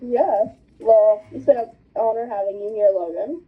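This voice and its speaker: A woman's voice: mid-range voice, moderate pace, slightly rough. Bubbly woman on a tinny phone line. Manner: bubbly, rambling with fillers. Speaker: host. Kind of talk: casual chat.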